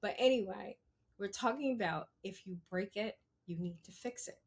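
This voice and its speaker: A woman hosts a podcast of unscripted solo commentary, talking straight to her listeners in a blunt, profane and emphatic way, often asking "You understand?" Her mid-range voice is husky and she speaks at normal speed.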